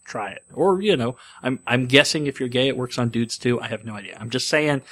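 A man's voice: medium pitch, brisk, fairly bright tone. A young adult man rambling in a casual monologue, wry and self-deprecating, with lots of ums and restarts. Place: in a car.

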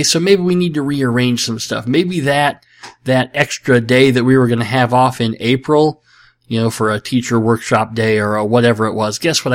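A man hosting a podcast, answering listener questions in a casual, joking way with sarcastic asides and self-mockery. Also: mid-range voice. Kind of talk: casual comedic chat.

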